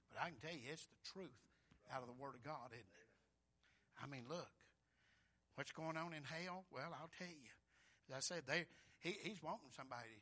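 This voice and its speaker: A man preaching a sermon, swinging from loud pleading to hushed whispers, repeating words in a folksy way. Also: a little high, breathy edge.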